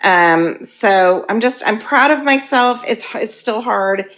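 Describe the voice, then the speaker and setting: A woman in her fifties candidly sharing her recovery story, earnest and halting, weepy and emotional. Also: on the high side, expressive, a bit bright. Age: 50s. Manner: earnest, halting, with frequent ums.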